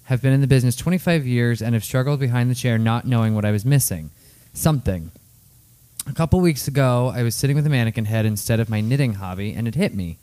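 A man co-hosting a salon talk show, reading a listener's note in a steady, plain voice. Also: mid-range voice, fast talker. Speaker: co-host.

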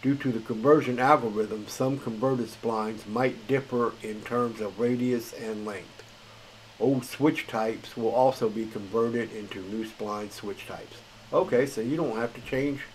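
A man's voice: mid-range voice, fairly even intonation, measured pace, a little hiss or hum, poor audio. A man hosting a gaming channel, reading patch notes in a tired, rambling, casual way. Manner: rambling, filler-heavy, chuckles at himself. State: tired late at night.

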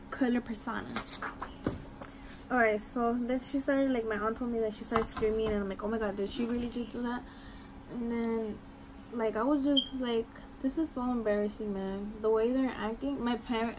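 Chatty young woman with a noisy background. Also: on the high side. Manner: rambling, lots of "like" and "I'm like". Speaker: vlogger. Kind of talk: casual storytime chat while doing makeup. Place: home. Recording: noisy room ambience.

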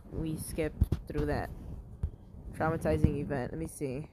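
A woman's voice: sits low, normal speed, noisy background. A woman giving casual commentary while playing a mobile game, swearing often and yelping when things go wrong. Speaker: gamer.

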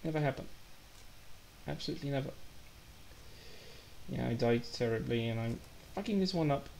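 A man gives relaxed, chatty commentary as he plays a game live. He jokes a lot and laughs at his own blunders, in a middle-pitched voice. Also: moderate pace, vocal fry, slight background noise. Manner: chatty, joking, self-deprecating. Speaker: gaming livestreamer. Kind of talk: casual live gameplay commentary.

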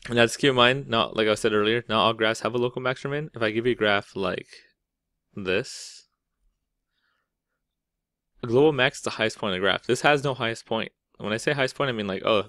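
A man's voice: lowish voice, sharp tone, no echo, clean studio sound. A man teaching a math lesson, explaining step by step in a casual way and often checking in with "right?". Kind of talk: classroom lecture.

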